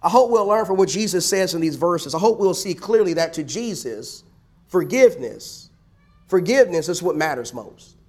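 A pastor preaching a sermon to a congregation, asking rhetorical questions and repeating key lines for emphasis. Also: male voice, sits high, expressive, normal speed. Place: church.

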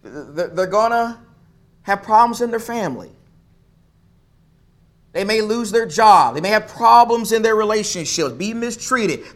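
Male pastor, sermon delivery, high voice, emphatic repetition. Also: expressive, unhurried, long pauses, a bit bright. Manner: emphatic, repeats phrases for stress.

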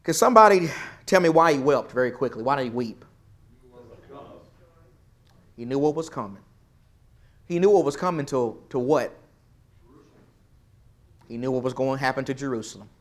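A man leading a Bible study lesson, quizzing the class and swinging from loud emphasis to quiet, soft remarks. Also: medium pitch, expressive, brisk, long pauses. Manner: questions the class, swells loud then drops soft for emphasis.

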